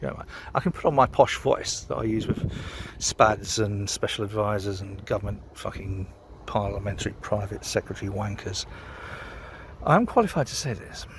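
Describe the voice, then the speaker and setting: A man's voice: lowish voice, flat delivery, normal speed, hardly any pauses, noisy background. A British man vlogging outdoors by a canal, rambling and sweary, a bit tipsy after a beer, ranting heatedly. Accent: British English. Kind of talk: casual outdoor vlog rant.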